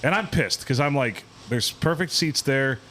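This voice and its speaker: A man tells a story on a podcast in a loose, profane, ranting way. He talks at a middling pitch and keeps the anecdote animated. Faint background noise sits under his voice. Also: moderate pace. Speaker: podcast host.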